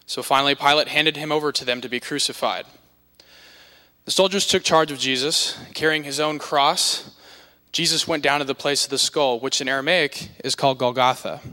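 Guy reading scripture, bright pushy tone, trips on words, long echo like a church. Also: mid-range voice, normal speed. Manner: earnest, stumbles on a few words. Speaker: scripture reader. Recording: long hall reverb.

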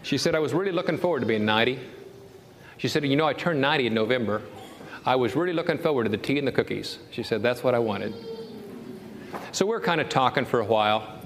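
A man preaching a sermon as pastor, telling a story and rising to an impassioned high pitch when he quotes scripture. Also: expressive, fast talker, slight background noise. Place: church sanctuary. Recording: long hall reverb, faint ambience.

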